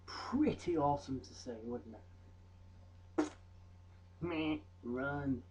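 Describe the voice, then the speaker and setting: A man's voice: mid-range voice, slow, pauses often, darkish tone, highs cut off, a little hiss or hum. A young man presenting trivia in a rambling, jokey vlog with mock-voice asides. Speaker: vlogger. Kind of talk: comedic fact vlog.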